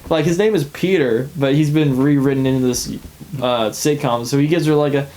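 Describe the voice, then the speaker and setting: A man's voice: mid-range voice, a little fast, darkish tone, rough recording. A man co-hosting a casual podcast chat, animatedly retelling scenes and acting out the characters' lines. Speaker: podcast co-host.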